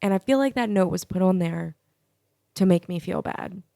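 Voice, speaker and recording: Sassy, profane young woman with a gravelly edge. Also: lowish voice, moderate pace, dark tone, no room sound, studio quality. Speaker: podcast host. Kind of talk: solo podcast rant.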